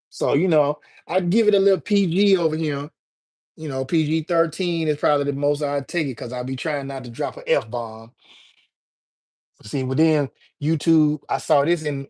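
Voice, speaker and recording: A man from Alabama, USA, hosts a casual livestream, chatting in a laid-back, slangy style and greeting viewers by name. His voice is medium-pitched and a little mellow.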